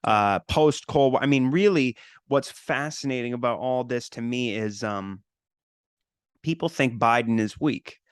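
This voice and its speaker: A man's voice: medium pitch, measured pace, clean tone, no echo, clean studio sound. A man speaking as a podcast guest, blunt and opinionated in casual political talk.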